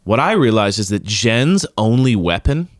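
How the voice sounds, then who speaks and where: A man's voice: lowish voice, normal speed, no echo, studio quality. A man co-hosting a podcast, retelling a reality show episode in casual chat and acting out the quotes. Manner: animated retelling, acts out quotes in shifting voices. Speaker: podcast co-host.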